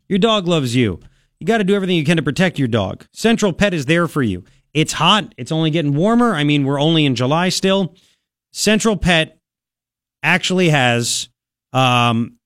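A man hosting talk radio, his voice sitting fairly high for a man. He talks emphatically, repeats himself and throws in quick asides. The studio sound is close and dry. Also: fairly bright tone, no echo. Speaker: radio talk show host. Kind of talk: talk radio monologue with live ad read. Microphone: studio microphone.

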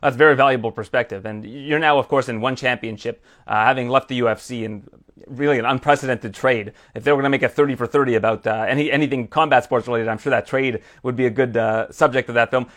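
Casting: male interviewer, brisk pace, chatty and probing. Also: mid-range voice, fairly even intonation, a bit bright. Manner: fast, probing, with fillers. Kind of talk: interview questions.

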